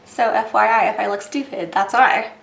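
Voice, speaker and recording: Giggly woman vlogger with a vocal fry. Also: medium pitch, normal speed, fairly bright tone. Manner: giggly, chatty and self-mocking. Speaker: beauty vlogger. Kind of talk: casual makeup tutorial chat. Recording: roomy echo, distant from mic.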